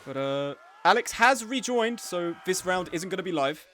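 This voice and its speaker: Young male esports commentator, slightly high voice, chatty and playful live play-by-play. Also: lively intonation, moderate pace, fairly bright tone, slight background noise. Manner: chatty and joking, with frequent laughs. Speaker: game tournament commentator and streamer.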